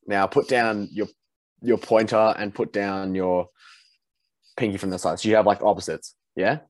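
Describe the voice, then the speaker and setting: A young Australian man co-hosting a podcast, telling animated stories with swearing. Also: on the low side, normal speed, no echo. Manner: animated storyteller, swears, laughs easily. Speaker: podcast co-host. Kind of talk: casual chat.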